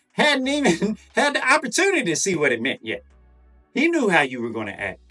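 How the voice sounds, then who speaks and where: A man hosting reaction commentary, chuckling and talking straight to his viewers. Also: extremely high pitch. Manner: chuckling, animated, addresses viewers directly. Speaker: commentary host. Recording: distant mic, faint music.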